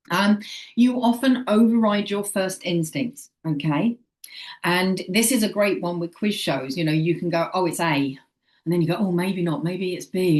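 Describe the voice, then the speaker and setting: A woman talking straight to camera as a psychic medium, chatty and animated, acting out little quoted thoughts and checking in with "okay?". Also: lowish voice. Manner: chatty, acts out quoted inner voices, frequent "okay?". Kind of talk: casual direct-to-camera advice.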